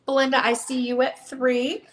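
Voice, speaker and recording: A woman's voice: high-pitched, flat delivery, normal speed. Chatty woman hosting a live book sale. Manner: chatty and upbeat, calling out bids. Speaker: online book sale host. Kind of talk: casual live auction chat. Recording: echoey room.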